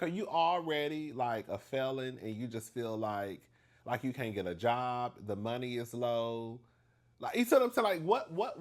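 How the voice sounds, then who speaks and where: A man hosting a casual storytime vlog, gossipy and animated, laughing often and calling his listeners "girl". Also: on the low side. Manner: laughs often between lines. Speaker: vlog host.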